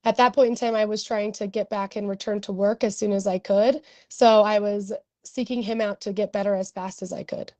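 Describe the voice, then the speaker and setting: A young woman doctor giving earnest, emotional testimony at a hearing, with many pauses and ums. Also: medium pitch, fairly even intonation, dark tone, no echo.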